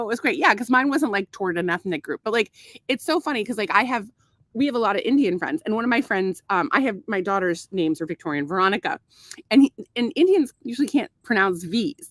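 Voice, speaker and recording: Middle-aged woman podcaster, kinda high voice, dry mic, rambling and cussing. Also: dry recording. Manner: animated, profane storytelling. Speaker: podcast co-host. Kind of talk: casual chat.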